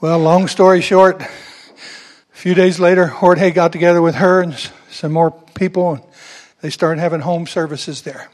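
A man's voice: fairly high pitch, steady tone, moderate pace, a little mellow. A man pastor telling a personal story in a sermon, building to fervent preaching.

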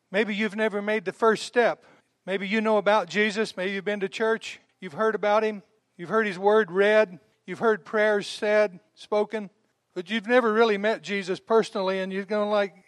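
A man preaching a sermon in an animated, folksy way, hammering points through repetition. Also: high-pitched, moderate pace, no echo, studio quality. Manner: folksy, calls listeners honey. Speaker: pastor.

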